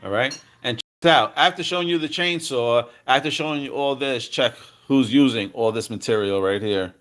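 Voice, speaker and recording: A man giving excited, slangy commentary over cartoon clips, repeating himself and calling out to viewers. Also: medium pitch, normal speed, a little hiss or hum. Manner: hyped, slangy, repeats phrases, calls out "baby" and "fam". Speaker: crypto commentator.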